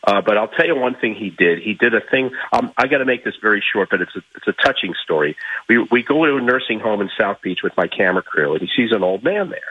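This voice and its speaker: A man from Miami, a guest in an interview, telling anecdotes in an animated way and restarting his phrases. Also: on the low side, quick pace, husky, no echo, phone-quality sound. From Miami, United States. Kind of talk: storytelling interview.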